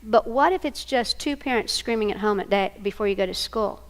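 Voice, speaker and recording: A woman's voice: medium pitch, brisk. An older woman, a grandmother, presenting a live training workshop and quizzing her audience. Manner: animated, asks the audience questions.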